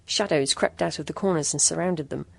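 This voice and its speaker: A woman narrating a fantasy short story in a measured, steady reading. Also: deep voice, creaky, no room sound.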